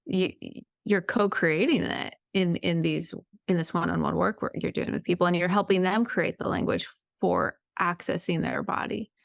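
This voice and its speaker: A woman co-hosting a podcast, calmly reflecting back and summing up what her guest said. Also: lowish voice, normal speed, gravelly, few pauses, dry recording, studio quality. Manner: reflective, sums up the guest's point. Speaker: podcast co-host. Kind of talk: casual interview chat.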